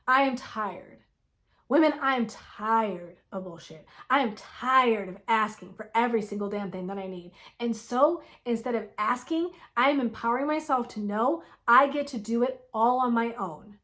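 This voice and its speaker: A woman in her forties with a slightly high voice delivers a blunt, impassioned pep talk straight to her viewers. She swears freely and preaches with fire. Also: animated, moderate pace, a bit bright. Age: 40s. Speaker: wellness vlogger. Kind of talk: impassioned motivational vlog.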